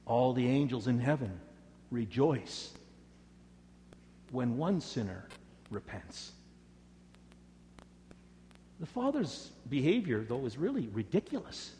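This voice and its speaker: A man preaching a sermon, swinging dramatically between loud emphasis and hushed words. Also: mid-range voice, very animated, slow pace, pauses often, slight background noise. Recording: echoey hall reverb.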